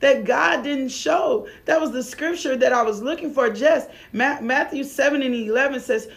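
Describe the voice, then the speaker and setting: Fervent woman preacher with gravelly voice. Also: sits high, normal speed, hardly any pauses. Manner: fervent, repetitive calls, breaks into tongues. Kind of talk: sermon.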